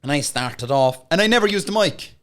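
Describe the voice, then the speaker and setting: Cork comedian, high voice, lively spun-out storytelling with voices. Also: male voice, brisk. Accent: Cork Irish. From Cork, Ireland. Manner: animated, acts out voices in his stories. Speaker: guest comedian. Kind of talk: casual storytelling.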